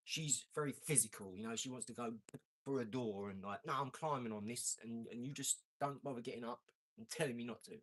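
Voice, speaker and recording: A man in his 40s hosts a casual live stream, talking a little fast. He's brash and boastful, full of slang and swearing, and swings between loud outbursts and low mumbling.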